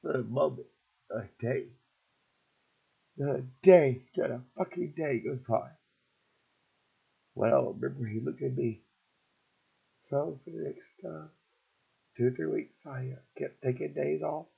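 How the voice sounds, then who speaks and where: Middle-aged guy, gravelly husky voice, halting and repeating himself, dull lo-fi sound. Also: mid-range voice. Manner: halting, repetitive, raw. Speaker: storyteller. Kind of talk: emotional personal story. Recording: dull lo-fi recording.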